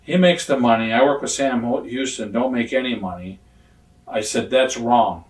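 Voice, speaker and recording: A retired pro wrestler in his sixties tells stories in a casual shoot interview, blunt and profane, acting out other people's lines as he goes. His voice sits at an ordinary mid pitch and he speaks at a normal speed. The mic is set well away from him, giving a roomy sound.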